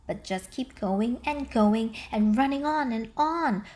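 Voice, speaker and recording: A woman reading a children's picture book aloud with expressive, animated narration. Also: a little high, takes it slowly. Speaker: storybook reader.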